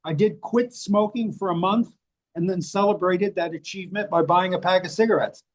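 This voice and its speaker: Older american guy, kinda high voice, swears a lot, brutally honest interview chat. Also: normal speed. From United States. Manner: blunt, profane, self-mocking. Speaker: interview guest, author. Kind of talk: candid casual conversation. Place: rainy place indoors, rain outside.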